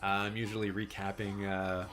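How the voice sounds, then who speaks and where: Man, low, raspy and hoarse, casual rambling live-stream host, good mic. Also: level tone, moderate pace, fairly bright tone. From Canada. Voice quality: deep and raspy. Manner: chatty, rambling, with fillers and restarts. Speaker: film channel live streamer. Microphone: good studio mic.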